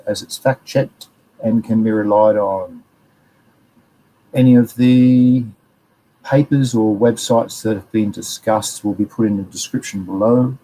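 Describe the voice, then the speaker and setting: A man's voice: medium pitch, mellow, slight background noise, poor audio. An Australian man hosting a live show, chatting casually and rambling with slang. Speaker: host. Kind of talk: casual live-stream chat, reading chat messages.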